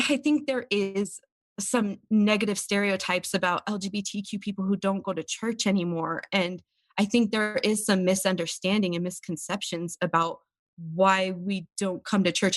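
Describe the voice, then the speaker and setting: A woman's voice: medium pitch, dry recording. A woman, an interview guest talking openly and earnestly about personal experiences. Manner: earnest and open, tearful at times. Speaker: podcast guest. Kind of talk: candid interview talk.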